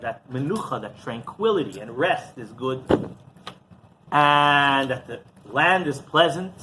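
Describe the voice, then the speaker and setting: A man, a rabbi, telling a story in a casual, animated sermon with frequent restarts and asides. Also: a little high, a little hiss or hum.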